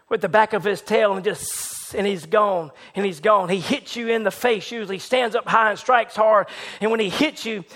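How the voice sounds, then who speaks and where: A man preaching a sermon who retells a story dramatically, rising to excited shouts and dropping to hushed low passages.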